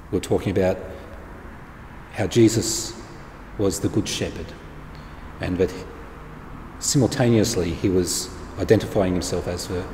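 A man's voice: on the low side, darkish tone. Man preaching in an echoey hall. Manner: plain-spoken, informal and explanatory. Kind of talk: conversational sermon to an online congregation. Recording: echoey hall with faint background noise.

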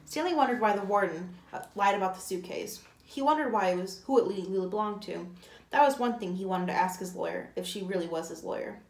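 A teacher reading a novel aloud in a plain way, now and then stumbling and correcting herself. Her voice is at a middle pitch and echoes around the room. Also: fast, darkish tone.

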